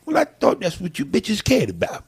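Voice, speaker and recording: A man hosting a podcast, talking casually in a gravelly voice. He jokes a lot and swears freely. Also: high-pitched, a little fast. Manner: profane, joking, animated. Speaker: podcast host. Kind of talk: crude casual chat.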